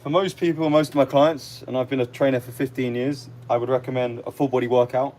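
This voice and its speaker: A man's voice: medium pitch, fast. Laid-back man chatting on a livestream. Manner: relaxed, explains in short lists. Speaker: livestream host and fitness trainer. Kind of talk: casual livestream chat answering viewers.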